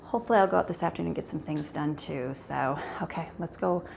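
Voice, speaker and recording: A woman's voice: low voice, fast talker, vocal fry, darkish tone, slight background noise. A woman in her thirties chatting casually to the camera at home, rambling along with many fillers. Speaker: vlogger, mother of a large family.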